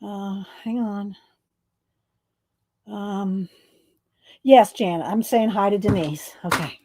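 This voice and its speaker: A woman's voice: medium pitch, slow, noisy background. A woman chatting casually on a livestream, short of breath and exclaiming as she reads viewer comments. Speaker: livestream host.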